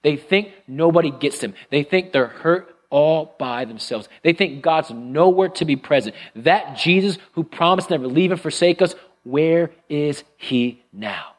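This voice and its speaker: A male pastor delivers a sermon in a church. His preaching is expressive, swinging between loud emphasis and quiet, hushed lines. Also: fairly high pitch, unhurried, hardly any pauses, low-quality recording. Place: church sanctuary with live and online congregation.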